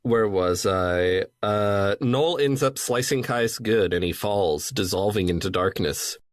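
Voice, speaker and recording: A male podcast co-host who recaps a game plot with dry, wry asides. His voice sits fairly low. The recording is close and dry. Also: slow pace, no echo. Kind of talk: casual recap chat.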